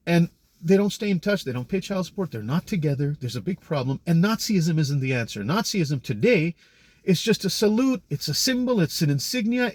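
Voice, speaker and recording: A man with a fairly high voice delivers a loose, opinionated monologue, drifting between thoughts and correcting himself as he goes. The sound is dry and close, with no room echo. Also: darkish tone. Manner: rambling, opinionated, frequent self-corrections. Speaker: commentator. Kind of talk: casual spoken monologue.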